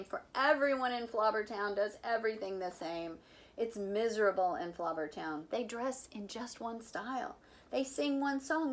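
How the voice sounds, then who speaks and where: A volunteer reader, a woman with a high-pitched voice, reads a picture book aloud to children in an animated, playful way, adding chatty asides about the pictures.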